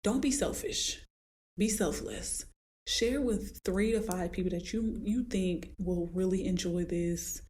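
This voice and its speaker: A woman hosting a solo podcast as a fitness trainer, talking casually and acting out her clients in high squeaky voices as she tells stories. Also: a little slow. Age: adult with a daughter. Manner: animated storytelling, acts out clients in high voices.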